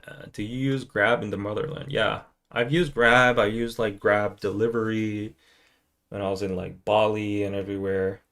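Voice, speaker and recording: A man's voice: fairly low pitch, little pitch movement, moderate pace, a bit bright. A man hosting a podcast, chatting in a loose, rambling way and now and then slipping into playful impressions. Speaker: podcast host. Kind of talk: casual live-stream chat.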